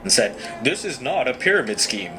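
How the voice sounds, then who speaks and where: Man with a lively wry narration. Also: medium pitch, brisk. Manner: wry, self-mocking, lively delivery. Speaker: animated storyteller. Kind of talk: scripted comic narration. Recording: noisy played-back video clip.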